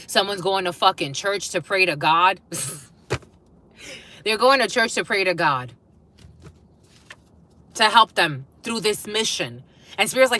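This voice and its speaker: Bright-voiced woman giving a blunt spiritual reading. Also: mid-range voice, expressive, measured pace, pauses often. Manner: blunt, swearing, laughing asides. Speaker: tarot reader.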